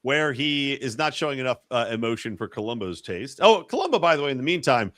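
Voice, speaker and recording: A man's voice: mid-range voice, big pitch swings, fast, a bit bright, dry recording, studio quality. A man co-hosting a podcast, chatting casually and sarcastically, mimicking characters in mocking voices. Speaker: podcast co-host.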